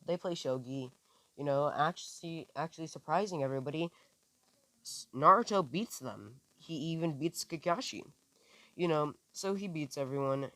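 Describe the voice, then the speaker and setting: A man's voice: a little high, fairly bright tone, no room sound. A man improvising a fan-fiction story in a rambling, casual way, stumbling and restarting often. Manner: rambling, with many restarts and fillers. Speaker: amateur storyteller.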